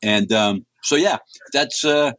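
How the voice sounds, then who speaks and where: Speaking slowly in a medium-pitched, slightly bright voice, a middle-aged American comics writer shares casual anecdotes as an interview guest. He's chatty and rambling, restarting often, and the audio has no room sound.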